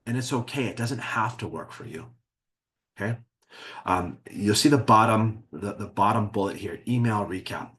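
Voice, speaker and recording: A man's voice: fairly low pitch, moderate pace, a bit bright. A man presenting a workplace webinar as an HR consultant, talking conversationally and often checking in with "okay?". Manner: conversational, keeps asking "okay?"; frequent restarts and fillers.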